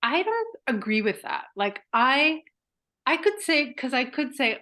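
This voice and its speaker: A woman's voice: sits high, big pitch swings, slow, pushed and bright. Rambling woman podcast host. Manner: rambling, lots of "like" and restarts. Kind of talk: casual chat.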